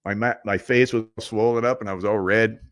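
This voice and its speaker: A man's voice: fairly low pitch, fairly even intonation, brisk, no room sound, clean studio sound. A middle-aged man hosting a show, telling rambling stories in a casual, conspiratorial monologue and laughing between points. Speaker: show host.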